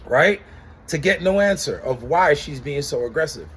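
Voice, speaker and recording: A man's voice: fairly high pitch, moderate pace, husky. A young man telling an exasperated story about an insurance claim in a casual vlog rant, acting out the other people's lines. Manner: animated, exasperated storytelling with acted-out quotes. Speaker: customer reviewing an insurer.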